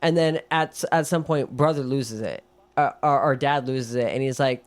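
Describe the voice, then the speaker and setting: A man co-hosting a podcast, casually recapping a film in an animated way, swearing and acting out quotes. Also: medium pitch, moderate pace. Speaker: podcast co-host.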